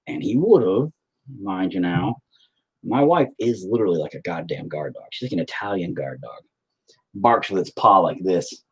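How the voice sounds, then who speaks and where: A man's voice: low-pitched, slightly rough, low-quality recording. A man chatting casually as he paints at home, rambling, swearing often and joking around. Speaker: artist painting on a stream. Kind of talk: casual chat while painting. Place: at home near the dining table.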